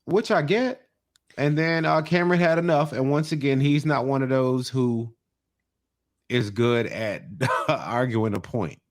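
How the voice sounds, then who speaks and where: A man's voice: mid-range voice, measured pace. A man with a New York accent, co-hosting a podcast and recapping a reality show, acting out people's lines as he tells the story. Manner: animated storyteller, acts out quotes. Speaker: podcast co-host.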